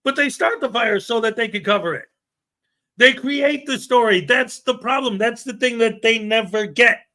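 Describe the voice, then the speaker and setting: Bright high-voiced ranting man. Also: normal speed. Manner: sarcastic, mocking, emphatic. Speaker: show host. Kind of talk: ranting commentary.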